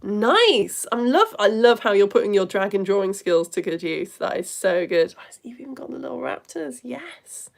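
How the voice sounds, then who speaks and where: A woman's voice: medium pitch, very animated, normal speed, vocal fry, few pauses. A woman teaching a live online lesson, reading viewers' comments aloud in a bubbly, exclamatory way with delighted gasps.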